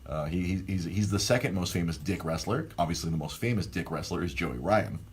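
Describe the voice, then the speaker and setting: Low husky man telling a rambling story. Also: brisk. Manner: rambling, animated storytelling with many restarts. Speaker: podcast host. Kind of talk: casual podcast chat.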